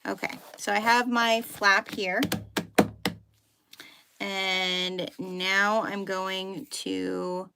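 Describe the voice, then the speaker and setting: Slow, gravelly woman host, chatty sew-along teacher thinking out loud, faint hiss behind. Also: medium pitch, little pitch movement. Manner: chatty, many "like" and "um" fillers, thinking aloud while working. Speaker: sewing teacher hosting a live sew-along. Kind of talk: casual live tutorial.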